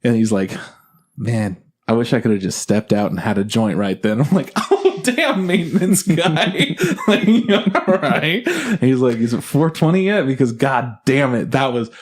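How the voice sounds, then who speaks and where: A man's voice: medium pitch, normal speed. A young man co-hosting a podcast, telling a story in casual chat, swearing a lot and acting out the people he quotes. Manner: animated, swearing, acts out quoted voices. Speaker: podcast co-host.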